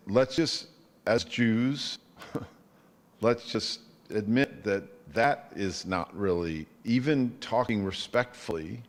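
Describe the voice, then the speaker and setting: A man answering an audience question at a live event, thinking aloud in a hesitant way with many pauses. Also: low voice, in a large hall.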